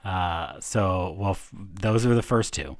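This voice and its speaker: Low-voiced woman, halting podcast chat. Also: lively intonation, dry recording, clean studio sound. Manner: low-pitched, halting, many fillers. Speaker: podcast co-host. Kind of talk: casual chat.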